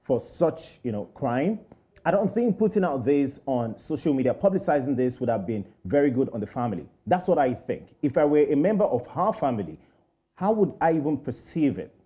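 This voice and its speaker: A man's voice: medium pitch, very animated, brisk, dark tone. A man co-hosting a casual panel chat, hesitant with many fillers but firm in his opinions. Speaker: co-host.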